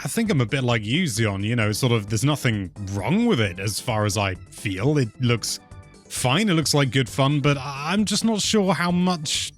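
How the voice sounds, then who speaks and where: A man's voice: medium pitch, normal speed, faint music behind. A man hosting a casual, jokey chat about games. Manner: chatty, jokey, lively intonation. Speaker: host.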